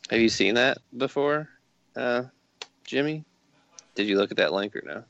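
A man's voice: medium pitch, animated, moderate pace, fairly bright tone, no room sound. A man co-hosting a podcast in casual chat, easygoing and teasing. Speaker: podcast co-host. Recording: dull dry lo-fi recording.

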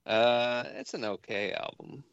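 A man's voice: medium pitch, unhurried, a bit bright, smooth, no echo. A man co-hosting a podcast in casual chat, easygoing and teasing. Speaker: podcast co-host. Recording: dull dry lo-fi recording.

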